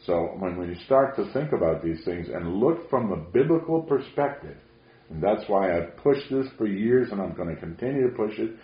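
A man preaching a sermon, telling stories emphatically and rising to loud peaks. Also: fairly low pitch, expressive, normal speed. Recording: roomy, dull lo-fi sound.

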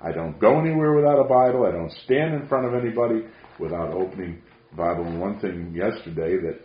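A man preaching a sermon, telling stories emphatically and rising to loud peaks. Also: low-pitched, lively intonation, quick pace. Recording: roomy, dull lo-fi sound.

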